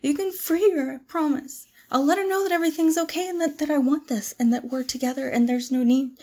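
A woman's voice: sits high, a little fast, warm tone, lightly acted. A woman playing a frightened young woman in an audio role-play drama, pleading with a possessive captor. She stammers and drops into whispers.

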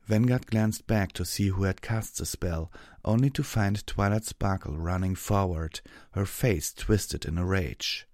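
Male narrator, low voice, dry close sound, steady audiobook read. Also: measured pace, hardly any pauses, no echo. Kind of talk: scripted narration.

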